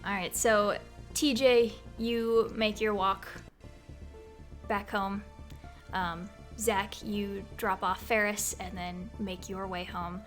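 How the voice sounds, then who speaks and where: A woman's voice: medium pitch, fairly even intonation, slow, soft background music. Casual woman game master. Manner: casual, many fillers like "like" and "um". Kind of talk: narrating a tabletop game.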